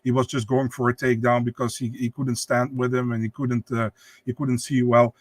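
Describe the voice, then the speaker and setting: A man co-hosting a casual sports podcast, talking loosely with halting restarts and casual swearing. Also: medium pitch, little pitch movement. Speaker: podcast co-host.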